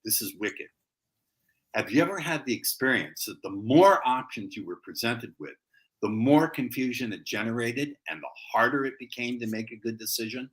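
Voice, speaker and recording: A man's voice: mid-range voice, animated, normal speed, a bit bright, low-quality recording. A man who is a guest sales trainer, teaching techniques with emphatic, playful stress on key words.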